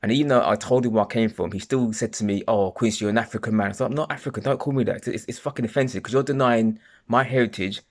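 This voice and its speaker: Fast, heated London man ranting. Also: mid-range voice. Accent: London English. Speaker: vlogger. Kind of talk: angry monologue to camera.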